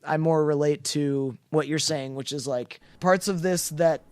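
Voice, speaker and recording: A man co-hosting a film podcast, talking in a rambling, halting way with frequent restarts as he searches for words. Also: a little high, darkish tone, no echo, studio quality. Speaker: podcast co-host. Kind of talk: casual film discussion.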